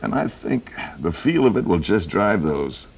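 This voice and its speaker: Man playing a blustering rich hunter, brash, cursing, deep voice, lively swings. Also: measured pace, creaky, distant mic, heavily acted. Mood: boastful. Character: boastful rich male hunter, hot-tempered.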